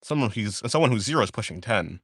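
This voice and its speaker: A man's voice: fairly low pitch, animated, fast, fairly bright tone, slightly rough, no room sound, studio quality. A young man chatting casually on a live art stream while he draws, rambling and drowsy, often trailing off into mumbles.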